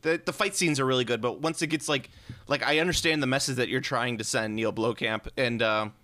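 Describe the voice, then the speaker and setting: A man co-hosting a podcast, chatting loosely with a friend. His voice is bright and pressed, and he jokes, swears and trails off mid-sentence before starting over. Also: mid-range voice, brisk. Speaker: podcast co-host. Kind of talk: casual chat.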